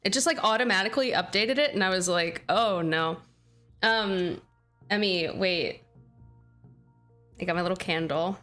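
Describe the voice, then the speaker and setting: A woman's voice: on the low side, moderate pace, pauses often, sharp tone, faint music behind. A young woman streaming a game who chats casually and bubbly with her viewers, thanking them by name. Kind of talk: casual livestream chat.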